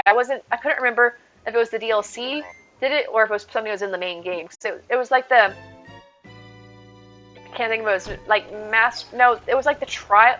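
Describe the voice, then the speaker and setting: Woman streamer rambling to chat, bright tense voice, a bit high, kinda dull audio, faint music. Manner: chatty, rambling, answers chat aloud. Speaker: live streamer. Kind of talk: casual live-stream chat.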